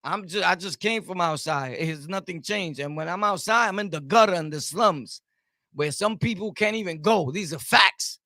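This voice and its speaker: A man's voice: sits high, moderate pace, sharp tone, no echo, studio quality. A man with a Brooklyn accent, a streamer ranting heatedly at his chat and repeating his points over and over. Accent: Brooklyn New York. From Brooklyn, New York. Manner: heated, combative, repeats himself. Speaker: streamer host. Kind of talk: live-stream rant answering chat.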